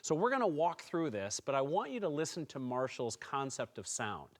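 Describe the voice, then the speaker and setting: A man giving a calm, encouraging music lesson, explaining percussion technique step by step to students. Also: a little high, moderate pace. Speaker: music teacher. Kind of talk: instructional tutorial.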